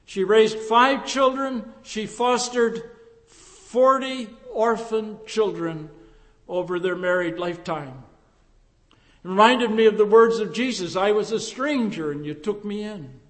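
Older guy preaching real slow, kinda high voice, long echo like a big church. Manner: slow, reflective preaching with emphatic rises and hushed drops. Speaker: pastor. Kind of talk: sermon.

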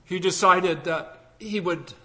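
High-voiced fervent male preacher. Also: takes it slowly, in a large hall. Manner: fervent, swings from loud cries to hushed lines. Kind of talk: sermon with closing prayer.

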